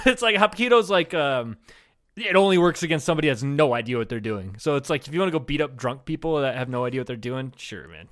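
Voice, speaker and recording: A man's voice: fairly high pitch, fairly bright tone. Profane joking podcast co-host man. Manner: crude, profane storytelling with frequent laughter. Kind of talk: casual comedy podcast chat.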